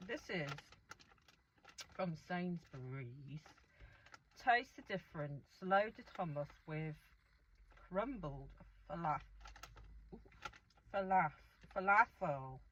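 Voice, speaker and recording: A woman's voice: mid-range voice, fairly bright tone, lo-fi sound, a little hiss or hum. Chatty rambling woman. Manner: rambling, chatty, talks to herself. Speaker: food vlogger. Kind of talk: casual eating-show chat.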